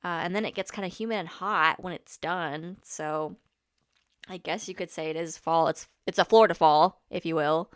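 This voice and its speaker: A woman's voice: lowish voice, normal speed, smooth, no echo, studio quality. Bubbly young woman chatting on her podcast. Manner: chatty and bubbly, rambling with restarts and little laughs. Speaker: podcast host. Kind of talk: casual solo podcast chat. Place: Orlando, Florida home.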